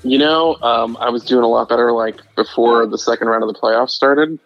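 A man's voice: medium pitch, moderate pace, dry recording, muffled recording, soft background music. A man from Philadelphia, a reporter guest on a podcast, chatting eagerly about sports. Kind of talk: casual sports chat.

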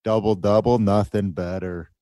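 A man's voice: lowish voice, steady tone, moderate pace, warm tone, no room sound, clean studio sound, natural voice. A man putting on a cursing mock-Canadian guy. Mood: joking. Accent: put-on Canadian. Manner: joking, cursing, tags lines with "eh". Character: exaggerated swearing Canadian stereotype man.

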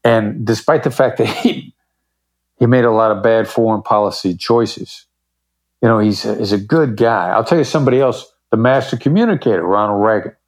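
Man, low voice, interview guest, confident, emphatic, conversational. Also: normal speed. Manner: confident, emphatic, explains with acted-out examples. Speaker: podcast guest, negotiation expert.

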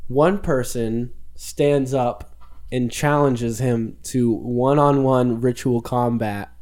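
A man's voice: medium pitch, steady tone, slow pace, darkish tone. A man hosting a comedy podcast, telling an improvised story and laughing often. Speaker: podcast host running an improv game.

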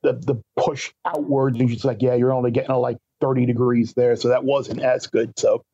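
A man's voice: mid-range voice, level tone, moderate pace, warm tone, lo-fi sound, a little hiss or hum. A man joining a betting talk show as a guest, talking in a stop-start way and repeating words as he thinks. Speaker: guest sports bettor.

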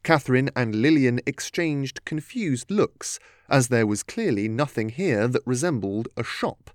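A man's voice: medium pitch, expressive, a little slow, dry recording. Man reading a storybook, dry sound. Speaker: narrator. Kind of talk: audiobook narration.

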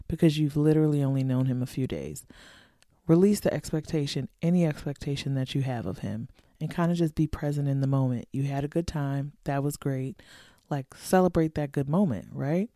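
A woman's voice: deep voice, dark tone, no echo, studio quality. A woman in her forties hosting a podcast, giving frank, slangy, playful advice to listener letters and laughing often. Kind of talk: casual advice chat.

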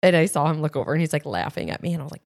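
A woman co-hosting a podcast, chatting casually and telling lively family stories. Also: low voice, rapid-fire, vocal fry, no echo, studio quality. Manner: animated storyteller acting out family moments. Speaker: podcast co-host. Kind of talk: casual chat.

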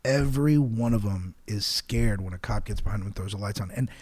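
A man with a husky voice speaks earnestly and with emphasis as a guest on a podcast. He explains his views in plain conversational sentences into a studio podcast mic. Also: lowish voice, brisk, a little mellow. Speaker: criminal defense attorney, guest. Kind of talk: conversational interview answers.

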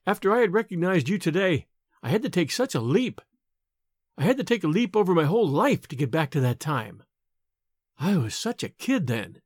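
A man reading aloud, playing a nostalgic, self-absorbed man who speaks in a smooth, musing way. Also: sits high, sing-song, moderate pace, darkish tone, no room sound, exaggerated voice.

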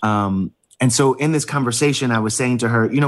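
A man being interviewed, telling a personal story with many pauses and fillers as he fights back tears. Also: medium pitch. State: emotional, close to tears. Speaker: interview guest.

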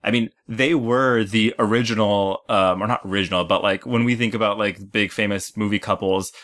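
A man's voice: on the low side, fairly even intonation, normal speed, a bit bright. A man joking and gossiping casually about celebrities on a film podcast. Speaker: podcast panelist.

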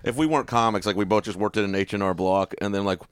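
Man in his thirties, wry comedian, low voice, dry close sound, casual banter. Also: fast, clean tone, dry recording. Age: 30s. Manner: wry, profane, laid-back banter. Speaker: comedian podcast co-host. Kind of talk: casual chat.

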